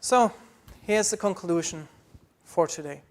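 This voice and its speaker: A man's voice: high-pitched, a little slow, a little mellow. A man preaching a sermon as pastor, earnest and pleading, building through repeated phrases.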